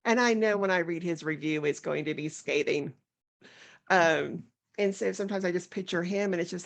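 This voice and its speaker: A woman's voice: fairly low pitch, moderate pace, creaky. A woman host in casual conversation, reflective and telling a story.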